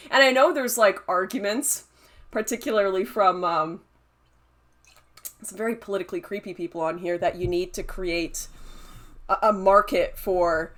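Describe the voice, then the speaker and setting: A woman's voice: lowish voice, normal speed, fairly bright tone. A young adult woman hosting a casual livestream, chatty and laughing often as she reads and answers chat comments. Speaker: livestream host reading chat.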